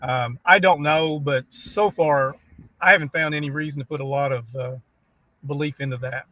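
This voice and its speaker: A man from western Kentucky with a bright, forceful tone and a slightly raised pitch talks about his investigations. He speaks in a measured, skeptical way and pauses often with ums. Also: fairly even intonation. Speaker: paranormal investigator guest. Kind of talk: remote interview answers.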